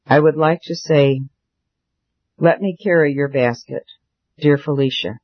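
A man's voice: on the high side, a little slow, lo-fi sound. A man reading as an earnest young suitor. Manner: earnest, eager. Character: young man, shy but bold suitor. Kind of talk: reading dialogue in a novel.

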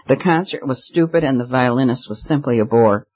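A careless, petulant young society woman, voiced by a man reading aloud who is bored with everything. The delivery sits at an ordinary middle pitch. The recording is slightly muffled. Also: brisk, natural voice.

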